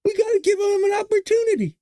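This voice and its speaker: A man's voice: extremely high pitch, fast talker, dark tone, pitched above the performer's own voice. A man putting on a sarcastic, singsong voice to mock a naive liberal caricature.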